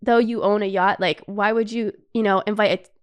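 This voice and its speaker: A young woman in her twenties hosting a casual chat show, telling a travel story in an animated, swear-filled way with lots of "like". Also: medium pitch, normal speed, clear, resonant tone. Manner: animated, swears a lot, says "like" constantly. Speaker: podcast host.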